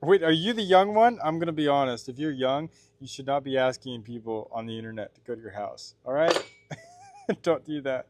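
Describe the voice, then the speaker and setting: A man from Washington State streams from his blacksmith workshop, his voice sitting at an ordinary middle pitch for a man. He talks casually and laughs easily, reading his live chat aloud and answering it between tasks at the forge. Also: normal speed, slight background noise. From Washington State, USA. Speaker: blacksmith livestreamer. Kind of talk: casual livestream chat while working.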